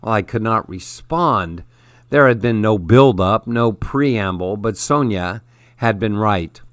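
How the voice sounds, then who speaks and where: A man narrating a story in the first person, in a measured, earnest way. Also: fairly low pitch, dry recording, studio quality. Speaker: audiobook narrator.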